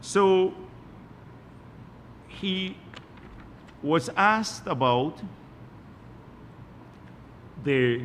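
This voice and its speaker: Scornful Guyanese politician, slow, roomy. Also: male voice, a little high, lively intonation, a bit bright, slight background noise. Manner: scornful, mocking opponents. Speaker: party general secretary. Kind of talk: press conference statement. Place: press conference room.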